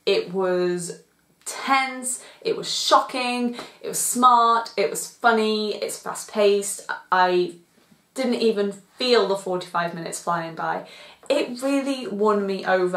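A woman's voice: mid-range voice, fairly bright tone, echoey room. A young woman from Britain chatting enthusiastically in a casual vlog review, laughing often. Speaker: TV review vlogger.

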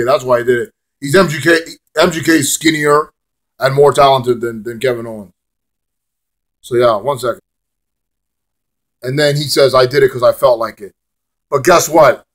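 A young man ranting casually to camera about wrestling, profane and rambling, swinging between loud outbursts and mumbling. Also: mid-range voice. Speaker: wrestling vlogger.

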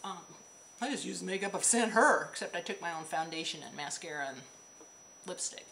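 A woman's voice: lowish voice, expressive, a little fast, gravelly, a bit bright, a little hiss or hum, rough recording. A woman vlogger chatting casually to the camera, rambling with asides while she shows small items. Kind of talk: casual chat.

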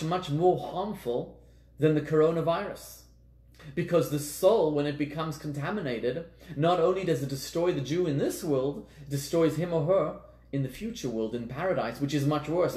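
A man's voice: fairly high pitch, normal speed, darkish tone. A man teaching as a rabbi, giving an earnest lecture and repeating words for emphasis. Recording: echoey room.

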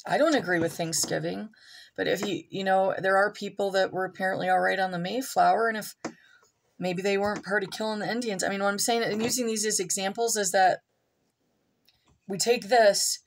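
A woman's voice: medium pitch, steady tone, a little fast, vocal fry, a little hiss or hum. A woman vlogging from home, reading a column aloud and breaking into rambling asides and comments to her pets. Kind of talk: casual reading with off-the-cuff commentary.

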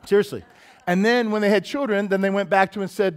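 In a church sanctuary, a middle-aged man delivers a sermon in a slightly high-pitched voice, sounding like a pastor chatting with his flock. His manner is conversational and full of jokes, with frequent quick shifts into small quoted voices.

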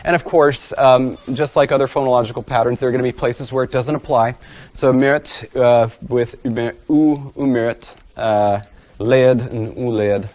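A guest lecturer, male, speaks in a mid-range, slightly mellow voice with a steady tone and a moderate pace. He's giving an academic talk with slides, keeping it casual and self-deprecating and filling it with lots of fillers.

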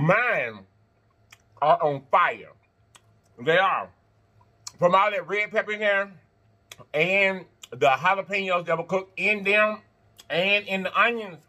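A man hosting an eating-show vlog, chatting to viewers between bites, animated and quick to laugh. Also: high-pitched. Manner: animated, talks straight to viewers, laughs and chants; talks while eating and blowing on hot food. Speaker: mukbang host.

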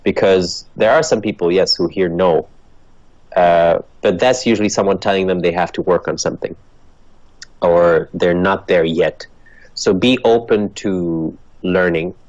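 Originally from Ethiopia and a native Dutch speaker, this actor and comedian speaks with a transatlantic accent as an interview guest. His voice is low, unhurried and darkish, recorded dry with lo-fi sound, and he gives earnest motivational answers while laughing easily.

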